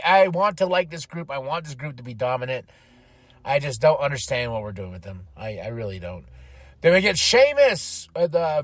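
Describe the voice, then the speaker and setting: A man hosting a podcast, casually recapping events with animated energy, laughing often and acting out quotes. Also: fairly high pitch, no echo, studio quality. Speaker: podcast host.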